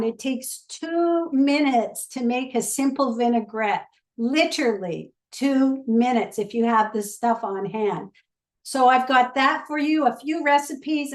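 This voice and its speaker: A woman's voice: high voice, echoey room. A woman giving a cooking demonstration on a video call in a chatty, plain instructional way. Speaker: guest presenter.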